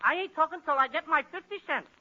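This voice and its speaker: A man's voice: fast, pushed and bright, full character voice. A man voicing a whiny, cheeky little boy in 1940s radio comedy acting. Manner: high whiny child voice, wisecracking. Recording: restored old radio broadcast, noisy and muffled.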